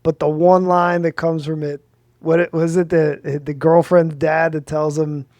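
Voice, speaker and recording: A man with a notably high voice chats loosely on a podcast, piling up fillers as he goes. The sound is dry and close, with no room around it. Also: unhurried, no echo, muffled recording. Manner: animated, rambling, lots of "like". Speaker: podcast co-host, lawyer. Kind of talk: casual chat.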